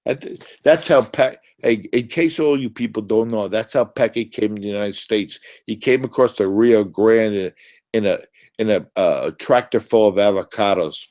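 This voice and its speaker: A man hosts a casual live-stream chat, teasing his guests, swearing freely, and laughing often. His voice is fairly low, a little mellow, at a normal speed.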